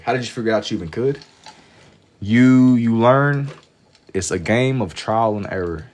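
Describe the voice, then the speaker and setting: A livestream artist chats idly as he draws, his mid-range, darkish voice at normal speed broken by long pauses. The talk is sleepy, slangy, and wandering, with plenty of repetition.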